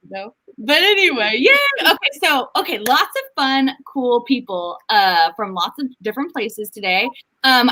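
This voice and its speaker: A woman's voice: sits high, sharp tone, low-quality recording. A woman hosting a casual livestream chat, bubbly and giggly as she greets viewers. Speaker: livestream host.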